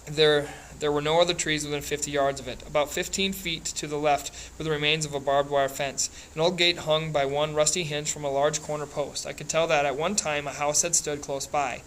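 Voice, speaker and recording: A man reading a novel aloud in a plain, steady way, with small slips and restarts. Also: fairly high pitch, fairly quick, hardly any pauses, a little hiss or hum, poor audio. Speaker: reader.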